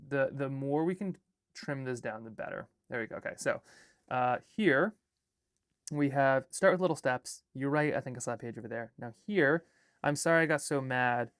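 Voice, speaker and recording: A man's voice: medium pitch, animated, normal speed, no room sound, clean studio sound. A young man from Alaska, an artist and filmmaker, chatting casually on a livestream while he rambles through edits and reads chat comments and draft lines aloud.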